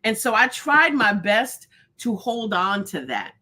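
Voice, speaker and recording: A woman's voice: mid-range voice, very animated, unhurried, pushed and bright. A woman hosting a live stream in casual chat, effusive and rambling, greeting viewers by name. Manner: rambling, many fillers and restarts. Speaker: host of a live show.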